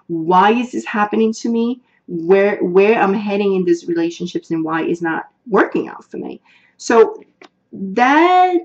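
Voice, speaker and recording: A woman's voice: mid-range voice, a little mellow, muffled recording. Earnest woman. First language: Spanish. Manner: earnest, emotional, repeats herself, searches for words. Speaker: tarot reader. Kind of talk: casual tarot reading to viewers.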